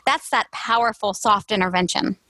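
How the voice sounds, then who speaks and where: A woman's voice: medium pitch, moderate pace, bright, forceful tone, dry recording, rough recording. A woman in conversation, speaking in an affirming way about helping people in addiction. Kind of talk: casual conversation on recovery support.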